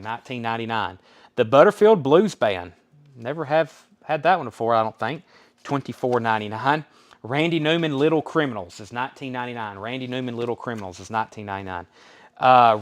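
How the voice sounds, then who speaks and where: A man's voice: medium pitch, a bit bright. Southern man calling record prices. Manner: reads titles and prices, calls buyer names. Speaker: live record sale host. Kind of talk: live-stream sales patter.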